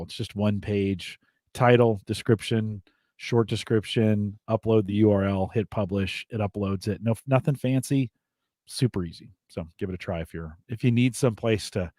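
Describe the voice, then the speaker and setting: A man co-hosting a podcast in casual chat, explaining in a relaxed way, trailing off and restarting. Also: on the low side, no echo, studio quality. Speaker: podcast co-host.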